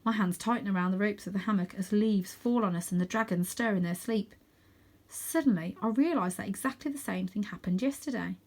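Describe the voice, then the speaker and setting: A woman reading a children's novel aloud, with calm, steady first-person narration. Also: medium pitch, fairly quick. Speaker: storybook reader.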